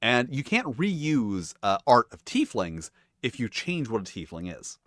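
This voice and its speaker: A man's voice: medium pitch, big pitch swings, a little slow, fairly bright tone, dry recording, studio quality. A man hosting a tabletop game video, chatting casually in a rambling, self-mocking way with frequent swearing. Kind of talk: casual chat.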